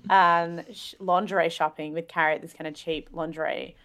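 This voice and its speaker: Young Australian woman, podcast co-host, lively casual chat. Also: low-pitched, moderate pace. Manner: animated, acts out quotes from the show.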